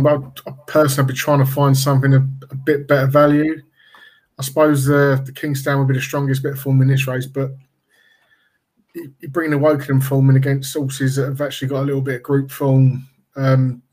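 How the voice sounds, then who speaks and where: A man's voice: medium pitch, a little mellow. A man with a Cockney accent, a regular pundit on a racing podcast, talking through his tips in a rambling, self-correcting way. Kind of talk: casual podcast tipping talk.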